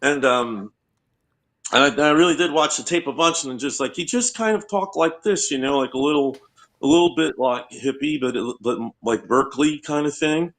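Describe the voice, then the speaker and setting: Bright-voiced rambling male comedian. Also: medium pitch. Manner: rambling, halting storytelling with lots of restarts and laughs. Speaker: comedian guest. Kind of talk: casual comedy podcast chat.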